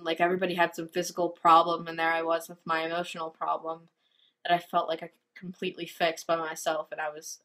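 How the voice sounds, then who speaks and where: A teenage girl telling a personal story in a confessional vlog, speaking hesitantly with many pauses and fillers. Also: fairly low pitch, a bit bright. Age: teens. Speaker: vlogger.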